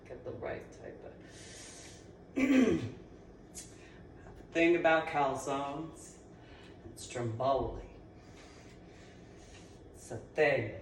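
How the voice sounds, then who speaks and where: Slow, rambling woman from New Jersey. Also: lowish voice, slight background noise. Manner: meandering, laughs often between thoughts. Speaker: vlogger. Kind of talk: rambling personal monologue. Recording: roomy echo, voice from a distance.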